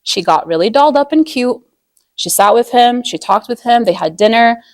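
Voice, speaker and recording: A woman's voice: fairly high pitch, expressive, moderate pace, no room sound. Chatty woman teaching on marriage, dry sound. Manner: chatty, frequent "like", acts out quoted voices. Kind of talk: casual religious lesson.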